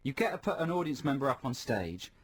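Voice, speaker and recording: A man's voice: mid-range voice, sing-song, a little fast, slightly rough. A man co-hosting a radio show in a studio, explaining things and adding dry quips in casual banter. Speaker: radio co-host. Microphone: studio microphone.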